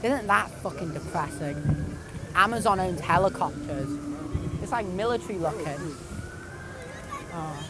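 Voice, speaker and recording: A young man, a comedian and tour guide, rambling in a gloomy, self-deprecating deadpan and swearing freely, outdoors on a busy city street. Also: high-pitched, a little slow, pauses often. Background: traffic and street noise.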